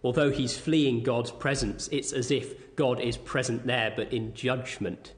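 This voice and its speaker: Male preacher at an evening service, slow and deliberate, mid-pitched, reads scripture aloud. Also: fairly even intonation. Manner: measured, deliberate delivery, reading scripture aloud. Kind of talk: sermon.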